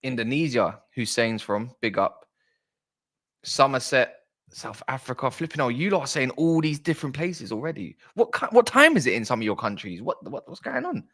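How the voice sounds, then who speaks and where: A man's voice: medium pitch, big pitch swings, moderate pace. Chatty man hosting a football stream. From South East London. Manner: chatty, shouts out viewers, reads chat aloud. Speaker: football livestream host. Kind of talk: casual livestream chat.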